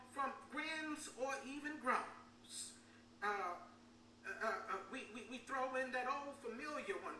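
A woman's voice: on the high side, pushed and bright. A woman pastor preaching a sermon in a church, often repeating her words and calling out for amens from the congregation. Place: church sanctuary. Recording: echoey room, distant mic, faint hum.

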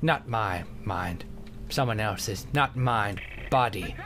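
A young man commentating a video game as he plays, goofy and joking, bursting into shouts. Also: lowish voice, lively intonation, slow, slight background noise. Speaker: gameplay commentator. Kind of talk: let's play commentary.

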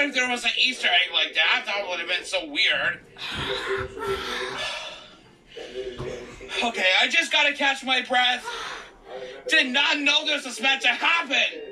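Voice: mid-range voice, far from the mic, poor audio. A gamer reacting to a horror game, swearing, gasping and shrieking at each jump scare. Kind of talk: screaming game reaction commentary.

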